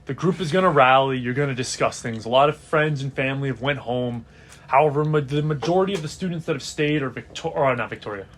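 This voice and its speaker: A man's voice: mid-range voice, quick pace, fairly bright tone, a little hiss or hum. A man narrating as game master of a tabletop role-playing game, casual, with many fillers.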